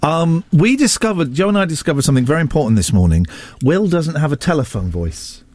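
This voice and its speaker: Brief: male radio host, higher voice, animated and joking, faint music bed underneath. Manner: chatty, teasing, quick jokey asides. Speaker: radio presenter. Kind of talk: casual breakfast radio banter.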